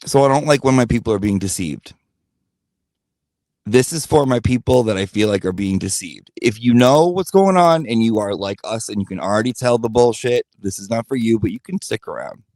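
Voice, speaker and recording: Blunt, profane low-voiced man ranting. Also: lively intonation, brisk, darkish tone, no room sound. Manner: blunt, profane, repetitive emphasis; talks directly to his audience. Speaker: commentary channel host. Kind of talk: casual ranting commentary.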